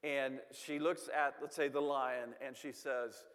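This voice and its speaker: A man's voice: medium pitch, steady tone, a little slow, fairly bright tone, clean tone, long reverb tail. A man telling a family story to an audience, with self-deprecating humor and frequent repeated words.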